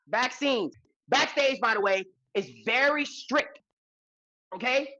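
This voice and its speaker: A woman co-hosting a podcast, telling a story in a loose, animated way, repeating lines for emphasis and swearing freely. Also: high-pitched, slow, highs cut off. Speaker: podcast co-host. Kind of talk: casual storytelling chat.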